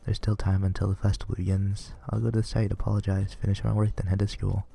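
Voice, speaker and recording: A man's voice: lowish voice, level tone, quick pace, gravelly, mellow, a little hiss or hum. A man reading a visual novel aloud in an earnest, plain manner, with small stumbles. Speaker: reader playing a visual novel.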